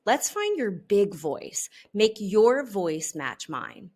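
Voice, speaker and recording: A woman voicing a gentle butterfly teacher who speaks slowly, soothingly and firmly. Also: medium pitch, sing-song. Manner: soothing, slow and firm.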